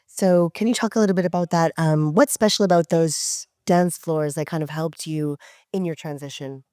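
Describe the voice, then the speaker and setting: A woman interviewer asks her questions gently, with hesitant phrasing. Her voice is low-pitched, mellow and smooth. The sound is dry and close. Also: normal speed, no room sound.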